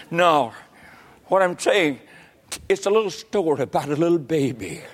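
An older man, preaching a sermon with folksy stories and sudden loud outbursts. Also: fairly high pitch, animated, measured pace. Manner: folksy storytelling, bursts into loud exclamations.

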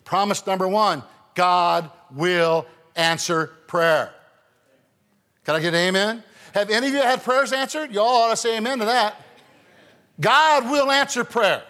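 A man's voice: sits high, normal speed, a bit bright, long reverb tail. A male pastor preaching a sermon in church, with emphatic rising calls and call-and-response to his congregation. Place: church sanctuary.

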